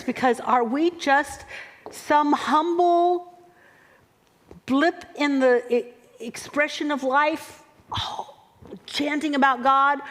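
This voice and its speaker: Female minister, slightly high voice, expressive sermon delivery. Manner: expressive, chant-like repetitions. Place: church sanctuary.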